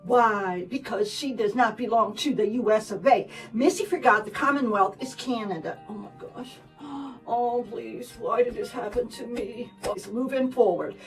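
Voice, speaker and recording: A woman's voice: on the high side, normal speed, few pauses, distant mic, faint music behind, low-quality recording. Sarcastic rambling gossip woman. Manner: sarcastic, rambling, repeats herself. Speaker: gossip vlogger. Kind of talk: casual celebrity gossip chat.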